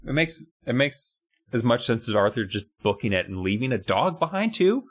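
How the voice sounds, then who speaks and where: A young man co-hosting a comedy podcast, riffing on a story in a loose, rambling way. He swears casually and keeps a playful tone. His pitch sits mid-range for a man. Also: sing-song, moderate pace. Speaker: podcast co-host.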